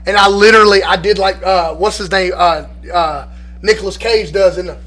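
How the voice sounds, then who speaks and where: A man telling animated, profane stories in a casual chat. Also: sits high, moderate pace. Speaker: podcast participant telling stories.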